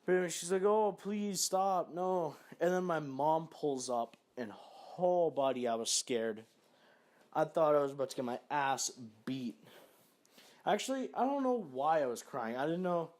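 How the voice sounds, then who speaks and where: A man's voice: on the high side, expressive, moderate pace, darkish tone. Profane rambling young vlogger guy. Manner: profane, rambling, lots of fillers. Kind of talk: casual storytelling to camera.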